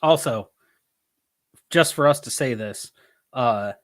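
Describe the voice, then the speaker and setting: A man's voice: mid-range voice, slow. A man from Michigan co-hosting a wrestling podcast in casual chat, rambling and swearing as he tells stories. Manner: rambling, swearing, animated storytelling. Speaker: podcast co-host.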